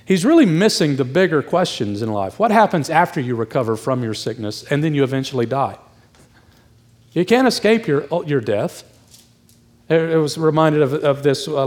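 A middle-aged man preaching in a casual, emphatic way, slightly breathless as he goes. His voice sits a bit high for a man, and he slips into the voices of the people in the story as he tells it. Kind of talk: expository sermon.

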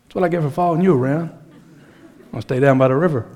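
A man's voice: on the high side, fast talker, a little mellow, close to an everyday voice. A man voicing a tired, teasing male companion who grumbles in casual slang. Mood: grumbling. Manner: laid-back, casual slang.

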